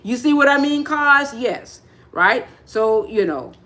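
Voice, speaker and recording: A woman's voice: fairly high pitch, expressive, takes it slowly, pushed and bright. A woman giving a live spiritual talk, rambling with many restarts and speaking straight to her listeners. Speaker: spiritual teacher.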